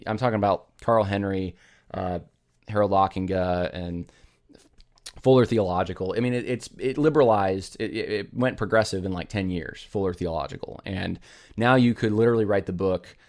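A man's voice: fairly low pitch, a little mellow. Emphatic man with rhetorical retorts. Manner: rhetorical and emphatic, full of "how about" retorts; thinks aloud with many restarts and digressions. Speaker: podcast host. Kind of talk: opinionated commentary.

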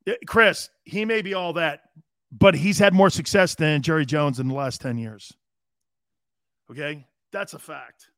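A man in his fifties hosting a live show, chatting casually as an animated storyteller who chuckles often. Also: fairly high pitch, unhurried, no room sound, clean studio sound. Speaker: show host. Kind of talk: casual livestream talk.

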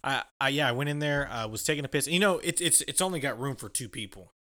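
A man's voice: mid-range voice, fast talker. A man, co-hosting a casual chat and animatedly retelling a story, acting out what people said. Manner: animated retelling, acts out quotes, laughs often.

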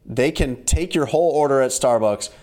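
A man's voice: medium pitch, moderate pace, darkish tone. A man co-hosting a podcast in casual chat, telling stories with wry, exaggerated asides. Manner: wry storytelling, mock-exaggerated greetings. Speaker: podcast co-host.

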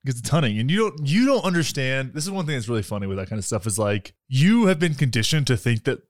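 Fast-talking man, rambling podcast chat. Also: mid-range voice, big pitch swings, dry recording, studio quality. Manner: rambling storyteller, laughs often, lots of "like". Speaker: podcast co-host. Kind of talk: casual chat.

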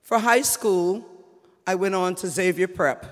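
A woman's voice: on the low side, a little slow. Older woman storyteller, reverberant stage. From New Orleans, USA. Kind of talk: live personal storytelling. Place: theater stage. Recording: live stage with long reverb.

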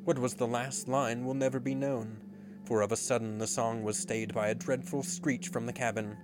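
A man narrating a storybook in a measured, dramatic way. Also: medium pitch, fairly even intonation. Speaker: audiobook narrator. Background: background music.

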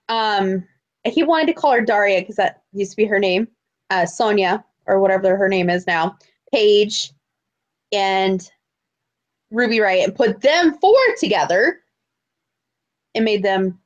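A woman's voice: mid-range voice, highs cut off. A woman co-hosting a casual chat podcast, chiming in with dry, sarcastic and playful asides. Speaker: podcast co-host.

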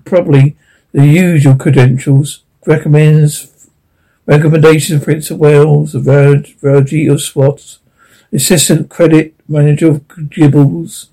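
A man's voice: fairly high pitch, fairly even intonation, a little slow, gravelly, warm tone, low-quality recording. A man reading a blunt, sarcastic tough-guy detective.

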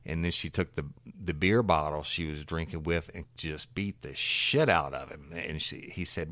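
Super deep guy, ex-cop telling a crime story, dry close mic. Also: moderate pace, hardly any pauses, fairly bright tone, no room sound. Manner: laid-back, swearing, acts out quoted voices. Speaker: former police detective telling a case. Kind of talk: casual storytelling.

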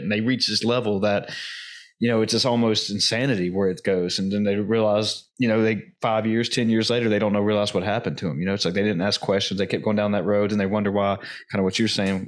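A low-voiced man who talks quickly and loosely as a podcast host. He rambles, restarts his sentences often and fills the gaps with words like "you know". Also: fairly even intonation. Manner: rambling, many fillers and restarts. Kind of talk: casual podcast conversation.

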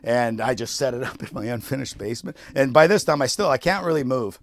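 A man's voice: medium pitch, lively intonation, fast talker, a little hiss or hum. A man telling a long personal story on a podcast in casual, profane chat, laughing often. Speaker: podcast co-host.

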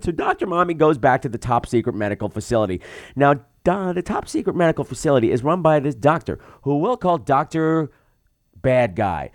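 A man's voice: fairly high pitch, fairly quick, dry recording, studio quality. A man hosting a podcast, recapping a film in a sarcastic, comedic way. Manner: sarcastic, animated storytelling. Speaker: podcast host and film reviewer.

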